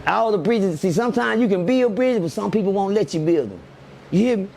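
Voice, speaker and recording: A middle-aged man, telling animated stories as an interview guest, laughing often and asking "you hear me". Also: high-pitched, fairly quick, creaky, a little hiss or hum.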